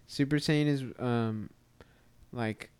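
A man's voice: medium pitch, slow, a little mellow, clear, resonant tone. A young man co-hosting a casual podcast, telling a rambling story with lots of fillers. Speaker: podcast co-host. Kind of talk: casual chat.

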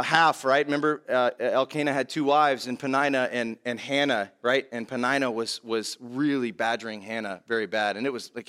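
A man's voice: fairly high pitch, fairly bright tone. A young man preaching a casual verse-by-verse sermon, talking conversationally and filling with "man" and "like". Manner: conversational, many fillers like "man" and "like". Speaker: pastor.

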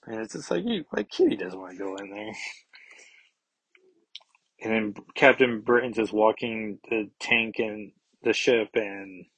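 A man's voice: lowish voice, a bit bright, no echo, low-quality recording. A man giving a casual, rambling comic book review with chatty asides and frequent fillers.

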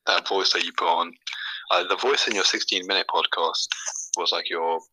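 A man's voice: low voice, steady tone, moderate pace, sharp tone, no echo, low-quality recording. A young man, a podcast guest chatting casually and rambling with lots of fillers. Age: young adult. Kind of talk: casual chat.

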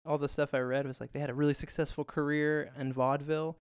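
Gravelly-voiced man chatting casually. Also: on the high side, level tone, fast, no echo, clean studio sound. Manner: chatty, laughs often, trails off with fillers. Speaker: podcast co-host. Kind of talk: casual chat.

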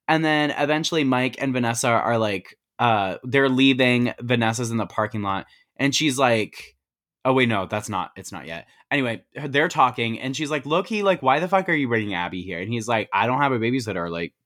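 A man's voice: mid-range voice, moderate pace, fairly bright tone. A man co-hosting a podcast, casually recapping a movie scene by scene in slangy, profane talk and acting out the characters' lines in quotes. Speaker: podcast co-host.

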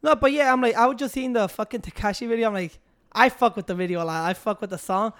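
Fast-talking slangy woman. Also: fairly high pitch. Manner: blunt, slangy, swears freely. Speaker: podcast co-host. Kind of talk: casual chat.

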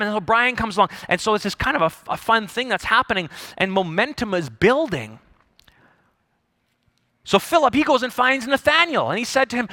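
Bright, high-voiced male preacher. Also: moderate pace, no echo, studio quality. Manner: animated storytelling, acting out voices and joking. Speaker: pastor. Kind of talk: sermon.

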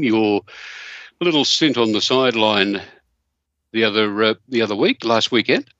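A man's voice: on the low side, expressive, normal speed, pauses often, a bit bright, no echo. Rambling Australian man on dull lo-fi audio. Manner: rambling, chuckling, blunt opinions. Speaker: co-host. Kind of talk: casual sports podcast banter.

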